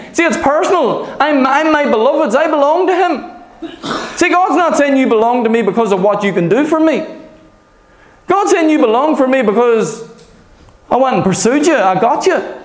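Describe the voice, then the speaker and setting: A man preaching a sermon, earnest and emphatic, repeating his points and asking "Okay?" and "Amen?". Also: extremely high pitch. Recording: echoey room.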